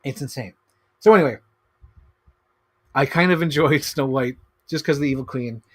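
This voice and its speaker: A man chatting casually on a live stream about his toy collection, excitable and rambling, swearing freely. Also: medium pitch, normal speed.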